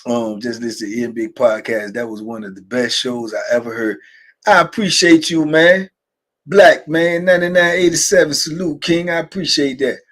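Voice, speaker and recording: A mid-range, slightly bright male voice at a normal speed. He's running a livestream, laughing his way through rambling stories, breaking off for frequent asides, and replying to comments from the chat.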